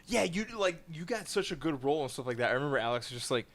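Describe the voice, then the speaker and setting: A young man co-hosting a casual chat, chiming in with quick agreements and jokes. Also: on the high side, lively intonation, fairly bright tone. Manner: chatty, lots of backchannel and quick interjections. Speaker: podcast co-host.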